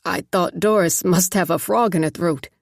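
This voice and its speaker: A woman voicing a young male official, nervous, earnest, anxiously polite, slightly lowered voice. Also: normal speed, creaky, dry recording, clean studio sound.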